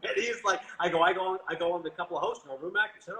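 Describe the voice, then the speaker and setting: A Canadian man telling stories in a casual interview, animated and quick, acting out what others said. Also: sits high, echoey room, low-quality recording. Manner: animated, quick, quotes others in lively asides. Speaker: guest broadcaster.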